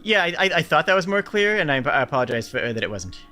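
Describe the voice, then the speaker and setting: A man running a tabletop game, describing scenes in a calm, measured way. His voice is bright and lively in pitch. Soft music plays behind him. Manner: laid-back, laughs easily, measured descriptions. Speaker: game master.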